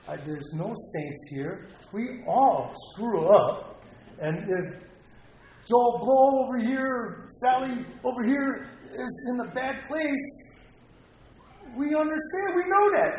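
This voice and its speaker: Middle-aged guy sharing his story at a recovery meeting, kinda high voice, echoey room w faint background hum. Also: a little mellow. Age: middle-aged or older. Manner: heartfelt, rambling, repeats himself, rises to pleading. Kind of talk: personal recovery share.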